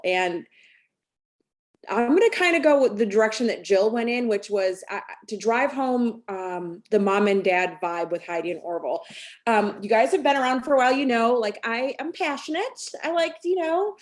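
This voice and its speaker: A woman's voice: fairly high pitch, expressive, moderate pace. A woman, a sales team director, telling a rambling personal story on a team call, full of fillers and restarts.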